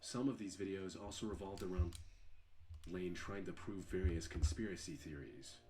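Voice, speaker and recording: Deep male narrator, measured true-crime voiceover, faint hum behind. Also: a little mellow.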